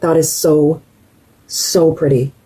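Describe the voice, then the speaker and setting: Husky-voiced woman chatting through a makeup tutorial. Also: low voice, flat delivery, slow pace, mellow, rough recording. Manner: chatty, enthusiastic, talks to viewers directly. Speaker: beauty vlogger. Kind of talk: casual makeup tutorial chat.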